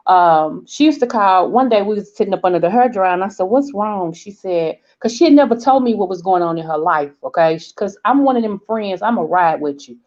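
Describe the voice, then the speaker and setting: A woman's voice: mid-range voice, fairly quick, hardly any pauses. Southern woman in her forties, lo-fi recording. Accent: Southern American. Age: 40s. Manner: animated storyteller, acts out quoted voices, checks in with "okay?". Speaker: vlog host. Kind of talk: casual storytelling chat. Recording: dull lo-fi sound.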